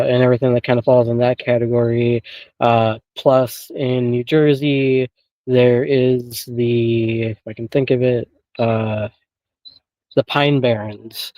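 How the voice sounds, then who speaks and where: A man's voice: mid-range voice, mellow, dry recording, low-quality recording. A man guesting on an interview and chatting casually about paranormal investigating, rambling with many filler phrases and frequent chuckles, over a remote call.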